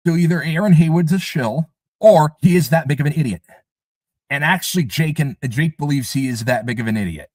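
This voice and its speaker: A man's voice: a little high, expressive, fairly quick, darkish tone, no echo. A man hosting a casual live stream, talking emphatically and scoffing as he repeats his points. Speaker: livestream host.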